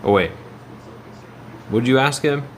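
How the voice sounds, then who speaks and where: A man's voice: mid-range voice, expressive, a little slow, a little hiss or hum. A man livestreaming, chatting casually in a rambling way and answering his viewers' messages.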